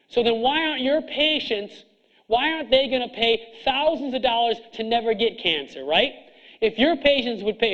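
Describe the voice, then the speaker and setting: A middle-aged man with a high voice lectures a seminar crowd in a blunt, hard-driving way, stacking up rhetorical questions. The recording is dull and lo-fi. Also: a bit bright. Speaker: chiropractor coaching other chiropractors. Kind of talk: seminar speech to an audience.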